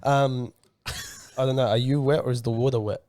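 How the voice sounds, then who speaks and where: A man's voice: mid-range voice, steady tone, fairly quick, a little mellow. A young man hosting a podcast, teasing and arguing playfully in casual chat. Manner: teasing, argumentative, laughing. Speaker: podcast host.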